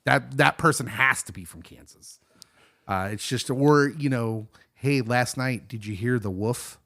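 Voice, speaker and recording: A man's voice: medium pitch, moderate pace, gravelly, bright, forceful tone. A man co-hosting a casual watch-along chat, talking in an enthusiastic, jokey way. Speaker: podcast co-host.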